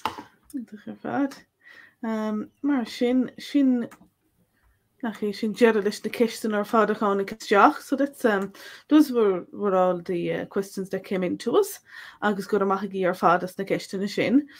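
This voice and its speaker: A woman's voice: mid-range voice, moderate pace. A woman with an Irish accent, co-hosting a live language Q&A in a chatty, easygoing way with frequent fillers. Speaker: Irish language teacher, co-host. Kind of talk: casual live-stream chat.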